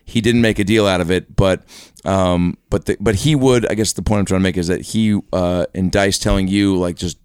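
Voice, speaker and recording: A man's voice: low-pitched, steady tone, moderate pace, few pauses, a little mellow, clear, resonant tone, no room sound, studio quality. A man, a guest comedian, telling stories in a rambling, self-interrupting way in a casual podcast chat.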